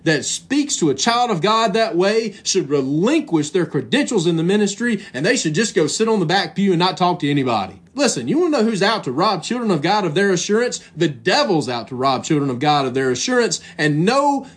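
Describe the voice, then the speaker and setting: A man preaching with a husky, slightly breathy voice that sits high for a man. His delivery swings up and down with lively emphasis as he reads scripture and presses his points home. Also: brisk, hardly any pauses. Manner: earnest, emphatic preaching, reads scripture in King James wording. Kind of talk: sermon.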